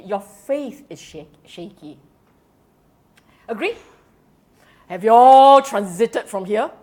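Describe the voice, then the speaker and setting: A woman's voice: a little high, slow pace, pauses often. A woman with a Singaporean English accent giving a Buddhist Dhamma talk to a congregation, quizzing the audience and dropping in colloquial particles. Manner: animated, keeps quizzing the audience; drops in colloquial particles and laughs.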